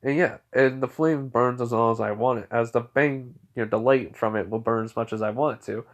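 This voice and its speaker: A man's voice: medium pitch, steady tone, fairly quick. A man narrating an improvised fan story in a rambling way, full of fillers and restarts.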